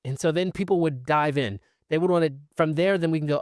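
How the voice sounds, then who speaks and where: A man's voice: on the high side, brisk, few pauses, no echo, studio quality. A man hosting a solo podcast, talking casually with fillers and restarts and acting out the conversations he describes. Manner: animated, acts out quoted conversations. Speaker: podcast host.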